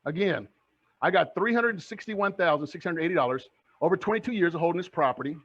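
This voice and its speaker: A middle-aged man teaching to camera as a coach, energetic and rallying, firing questions at his audience. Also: high-pitched, quick pace. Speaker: real estate coach. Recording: dull lo-fi recording.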